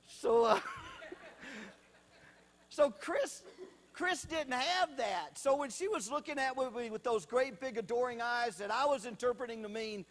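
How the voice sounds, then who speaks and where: Male comic, very high voice, folksy storyteller with slow punchlines on a live stage. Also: a bit bright. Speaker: stand-up comedian. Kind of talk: stand-up comedy storytelling.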